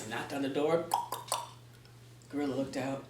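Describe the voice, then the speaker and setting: A woman telling a folktale to an audience, playful and expressive. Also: rumbling low, a little fast, heavy background noise. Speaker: storyteller and educator. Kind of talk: folktale storytelling to a live audience. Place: presentation room at a library. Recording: roomy, distant mic, faint background.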